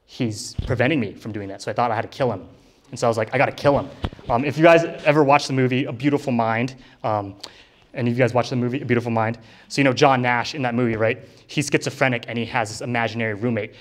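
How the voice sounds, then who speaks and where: Young man telling a rambling personal testimony. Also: medium pitch. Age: young adult. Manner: casual, filler-heavy storytelling with many likes and ums. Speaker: college student giving a testimony. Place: college ministry center.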